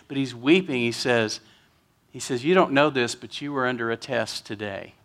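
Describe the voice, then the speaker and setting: A man's voice: medium pitch, moderate pace, a bit bright. A man, a pastor telling an emotional story during a sermon and getting choked up at times.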